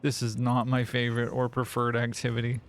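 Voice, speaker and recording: A man's voice: medium pitch, monotone, fairly quick. Rambling, foul-mouthed male game streamer. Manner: rambling, self-mocking, swears often. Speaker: live streamer playing a factory game. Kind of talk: casual rambling stream chat.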